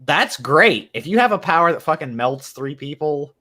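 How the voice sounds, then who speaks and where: A man in a tabletop game group telling a story about an earlier game in casual chat, animated, laughing, swearing and acting out what people said. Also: on the high side, brisk.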